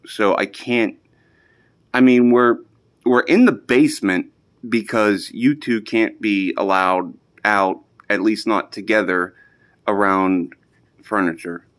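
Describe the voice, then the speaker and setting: A man, scolding his pets in a home basement for a casual vlog in a mock-stern way that keeps softening into affection. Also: lowish voice, takes it slowly. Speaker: pet owner.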